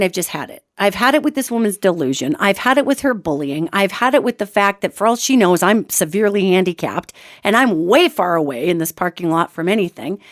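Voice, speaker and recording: Animated woman host telling a story. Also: no echo, studio quality. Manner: expressive, dramatic, swings from loud outbursts to low asides; addresses listeners as "gang". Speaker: radio show host.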